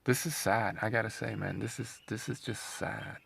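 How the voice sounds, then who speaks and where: A man's voice: lowish voice, fairly even intonation, normal speed, gravelly, fairly bright tone, a little hiss or hum. A man hosting an opinionated commentary monologue, sarcastic and scornful, often rambling and repeating himself. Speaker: commentary channel host.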